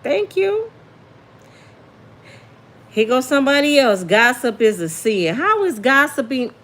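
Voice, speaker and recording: In a fairly high, bright voice with big pitch swings, she speaks at a moderate pace. The sassy host of a celebrity gossip livestream, she keeps the chat casual and reads viewer comments aloud.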